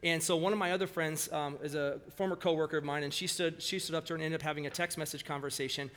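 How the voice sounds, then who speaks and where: A middle-aged man giving a sermon, joking and telling animated stories, in a hall with some echo. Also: fairly high pitch, fast talker, a little hiss or hum. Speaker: speaker at a church service.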